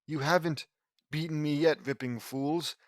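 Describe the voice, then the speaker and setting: A blustering, defeated male villain from a read-aloud fan story, boasting defiantly in a fairly high voice, as a man reading it puts him on. The sound is dry and close. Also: steady tone, unhurried, dry recording, natural voice.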